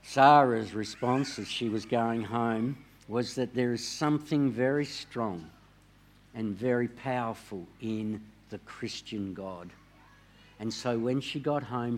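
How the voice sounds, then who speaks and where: A man preaching a sermon, telling a story in a measured way and dropping his voice quietly on key words. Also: mid-range voice, a little hiss or hum. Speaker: pastor.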